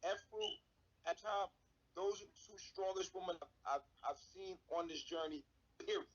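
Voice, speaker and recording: A man's voice: high voice, moderate pace, highs cut off. A man on a live stream talking bluntly and emphatically, swearing often. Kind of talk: casual live-stream talk.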